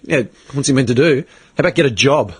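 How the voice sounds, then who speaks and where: A man's voice: medium pitch, quick pace, slightly rough. A man on a casual podcast, swearing bluntly and acting out both sides of an argument as he tells a story. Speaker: podcast co-host. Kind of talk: casual chat.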